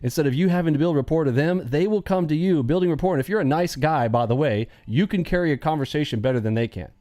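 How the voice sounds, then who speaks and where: Joking man live-streaming, dark dry voice. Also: on the high side, no echo. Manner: joking, animated, acts out quick bits of dialogue. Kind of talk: casual live-stream chat.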